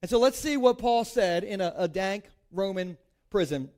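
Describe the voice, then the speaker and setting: A pastor in his thirties from Delaware, United States, preaches from a church stage to a congregation in a casual, joking way. His voice is high-pitched and a little mellow, with lively intonation and a normal speed, and he's chatty, peppering his speech with "like" and playful asides.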